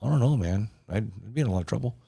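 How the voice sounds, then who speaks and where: A man's voice: fairly low pitch, expressive, fast, vocal fry, warm tone, breathy edge, no echo, studio quality. A man around fifty hosting a podcast, talking loosely and rambling with lots of fillers and restarts. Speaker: podcast host. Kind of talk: casual podcast chat.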